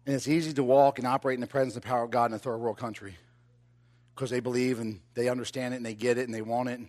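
A man preaching, telling a personal story with animated, rising delivery that drops to quiet, intimate moments. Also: mid-range voice, fast talker. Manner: animated, builds to loud excited telling. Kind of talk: sermon storytelling.

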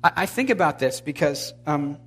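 A male pastor with a bright, forceful tone and a fairly high voice, preaching with fervent emphasis. He puts questions to his congregation and slips in blunt, wry humor between the exclamations. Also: animated, normal speed, breathy edge. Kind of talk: sermon.

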